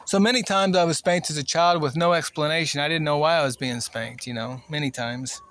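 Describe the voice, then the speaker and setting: A man in his sixties from Cuba telling a personal story in a plainspoken, rambling way, with many fillers and pauses. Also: a little high, fairly even intonation, fairly bright tone. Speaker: vlogger.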